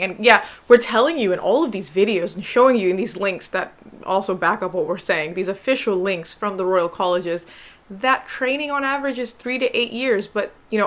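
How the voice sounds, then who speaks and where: A woman's voice: medium pitch, moderate pace, fairly bright tone. A young American woman with a general American accent, a doctor and vlogger chatting to camera, answering claims with exasperated sarcasm. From United States. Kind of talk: casual chat to camera.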